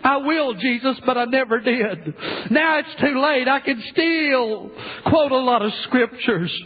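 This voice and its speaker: A male preacher playing a regretful father lamenting from hell, with a halting, pleading, mournful delivery. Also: very high-pitched, breathy edge, faint music behind, pitched above the performer's own voice, heavily acted. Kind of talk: dramatic sermon reading. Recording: tinny lo-fi phone-like recording.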